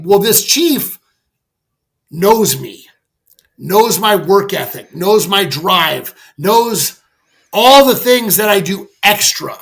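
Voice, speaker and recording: A middle-aged man with a high, gravelly voice, telling a story as a podcast guest. He sounds bright and keen, talks candidly and animatedly, and swears casually. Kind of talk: conversational storytelling.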